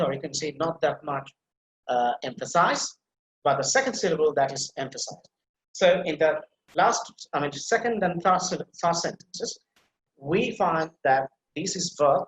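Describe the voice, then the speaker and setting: A man teaching English pronunciation in an online lesson, explaining slides and slowly repeating words for practice, with some restarts. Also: fairly high pitch, expressive, a bit bright. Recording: roomy echo.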